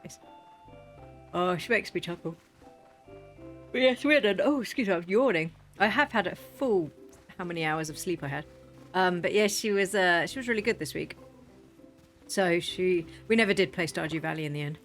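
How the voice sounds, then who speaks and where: A British gaming vlogger in her thirties chats casually over gameplay, rambling cheerfully and quick to laugh. Her voice sits lowish but fairly bright, with faint game music in the background.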